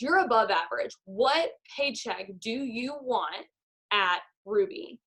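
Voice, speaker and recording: A woman's voice: a little high, unhurried. Upbeat young woman on a Zoom call. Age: 20s. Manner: upbeat, guides a visualization. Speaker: network marketing team leader. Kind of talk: motivational Zoom call talk. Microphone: video call.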